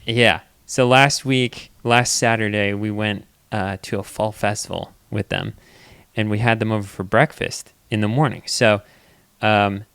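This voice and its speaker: A young man co-hosting a podcast in casual chat, telling stories in an animated way. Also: on the low side, measured pace, gravelly, smooth, no echo. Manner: animated storytelling with big quoted voices. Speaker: podcast co-host.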